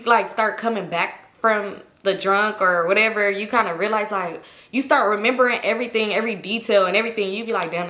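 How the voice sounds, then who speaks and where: A woman vlogger telling a casual, animated story in slangy talk. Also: mid-range voice. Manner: animated, slangy, acts out quotes. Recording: roomy echo.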